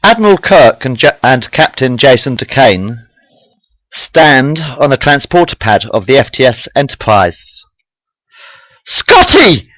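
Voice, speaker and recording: A man's voice: mid-range voice, animated, measured pace, a bit bright, dry recording, low-quality recording. A man casually reading his own story aloud at home on a webcam, apologizing and restarting lines. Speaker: amateur storyteller.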